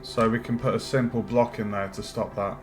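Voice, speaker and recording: A man streaming his game development work, thinking aloud with many pauses and fillers, and chatting with viewers. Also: fairly low pitch, level tone. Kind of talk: casual live-stream commentary while working. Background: faint music and keyboard typing.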